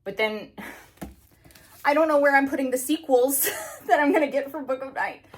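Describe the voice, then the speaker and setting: A woman's voice: high-pitched, normal speed, a little hiss or hum. A woman in her thirties chatting casually to camera at home while rearranging bookshelves, giggly and out of breath, with lots of fillers. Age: 30s. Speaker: book vlogger.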